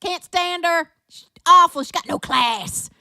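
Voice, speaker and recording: A woman's voice: very high voice, unhurried, vocal fry, bright, forceful tone, no room sound, clean studio sound, voice pushed up, exaggerated voice. A woman putting on the voice of a cheeky old grandma with an accent. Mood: indignant.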